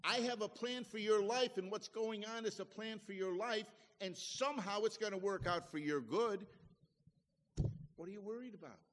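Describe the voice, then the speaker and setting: High-voiced man preaching in a reverberant hall. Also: a bit bright. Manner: folksy, conversational preaching with homely asides. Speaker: pastor. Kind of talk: sermon.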